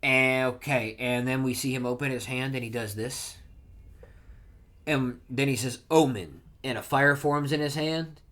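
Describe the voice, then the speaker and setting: A man casually recapping a manga chapter, reading panel lines aloud with loud bursts of emphasis and frequent self-corrections. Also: medium pitch, steady tone, unhurried. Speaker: manga reaction streamer.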